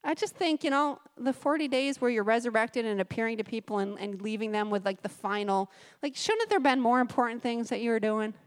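A woman's voice: a little high, fairly quick, smooth. Chatty woman preaching a sermon. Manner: chatty, with joking asides while reading scripture. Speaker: guest speaker at a church service. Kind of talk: conversational sermon with scripture reading. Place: church service.

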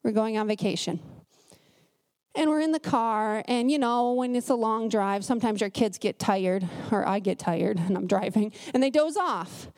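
A woman preacher giving a conversational sermon, telling stories in an animated way with a pace that speeds up and slows down. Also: fairly high pitch. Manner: animated storytelling, shifting pace.

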